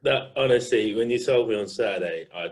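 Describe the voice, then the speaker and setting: A man's voice: fairly low pitch, brisk, low-quality recording. A man with an English Midlands accent hosting a podcast, asking questions in a teasing, amused way. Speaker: podcast host. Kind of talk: casual interview chat.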